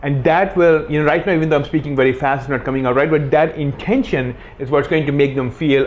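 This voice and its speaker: A man's voice: a little high, steady tone, fast, few pauses. A man coaching on dating, explaining confidently in an instructional talk. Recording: dull clip with faint background noise.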